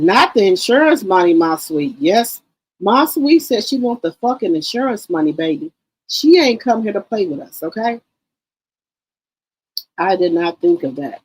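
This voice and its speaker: Older woman in her sixties, live-stream host, husky tone, animated and profane, repeats lines over and over. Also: mid-range voice, rough recording. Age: 60s. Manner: animated, profane, repeats herself, calls viewers "my sweet" and "baby". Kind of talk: casual live-stream chat.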